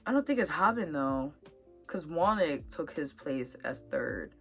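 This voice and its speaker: Low-voiced woman vlogger, chatty and animated. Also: unhurried, soft background music. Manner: animated, talks herself into getting worked up. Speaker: vlogger reacting to a reality dating show. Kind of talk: casual chat.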